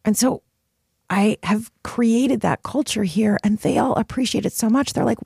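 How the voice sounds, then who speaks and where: A woman's voice: a little high, moderate pace, vocal fry, darkish tone, husky, no room sound, clean studio sound. Earnest woman hosting a podcast. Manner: earnest, emphatic, confessional. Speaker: podcast host. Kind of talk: solo podcast monologue.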